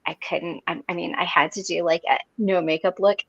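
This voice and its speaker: A woman's voice: fairly low pitch, fairly even intonation, a little fast, vocal fry, breathy edge, no room sound. A woman hosting an online recovery meeting, telling stories casually and animatedly, laughing often. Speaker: meeting host. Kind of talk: casual online support group chat. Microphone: video call. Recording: muffled dry video call audio.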